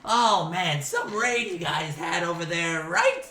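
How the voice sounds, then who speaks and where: A man voicing a fat, fawning male goblin who babbles nervously in a squeaky, giggly voice. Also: huge pitch swings, unhurried, heavily acted. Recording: roomy echo, faint music.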